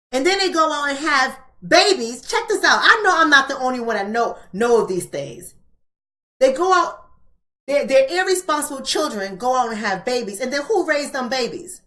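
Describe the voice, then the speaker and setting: Woman, book club host, live-stream talk, emphatic and preachy, fairly high, bright edge. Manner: emphatic, preachy, blunt, repeating rhetorical questions.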